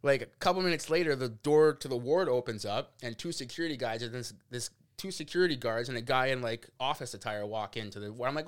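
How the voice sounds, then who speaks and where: A young man from Canada telling a story in casual podcast chat, animated and laughing, acting out quotes. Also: medium pitch, fast, hardly any pauses, clear, resonant tone. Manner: animated, laughs often, acts out quotes, swears. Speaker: podcast guest.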